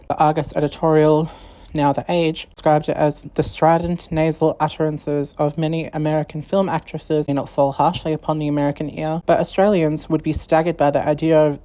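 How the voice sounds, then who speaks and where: A woman narrating a scripted documentary in a measured way, reading quotations aloud. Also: sits low, warm tone, poor audio.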